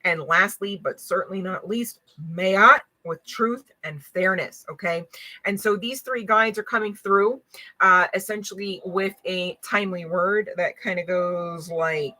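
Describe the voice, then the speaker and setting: Woman, spiritual reader, casual talk to viewers, bright voice, swears freely, laughs a lot. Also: medium pitch, unhurried, rough recording. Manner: slangy and blunt, swears, laughs often. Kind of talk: casual reading to a collective audience.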